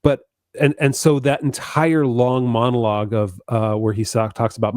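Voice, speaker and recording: A man's voice: mid-range voice, level tone, normal speed, darkish tone, no room sound, clean studio sound. A man co-hosting a podcast, talking eagerly about a book with frequent stammered restarts. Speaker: podcast co-host. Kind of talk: casual book discussion.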